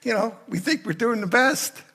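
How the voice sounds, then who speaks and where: An older man giving a storytelling sermon as a guest speaker in church, sometimes voicing the people in his stories loudly. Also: very high voice, lively intonation, moderate pace. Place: church sanctuary.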